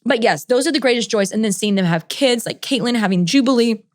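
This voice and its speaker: A woman's voice: fairly high pitch, a little fast, no echo, clean studio sound. A woman in her thirties hosting a casual Q&A podcast, emotional and rambling, full of "like" and "oh my gosh.". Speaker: podcast host and ministry leader.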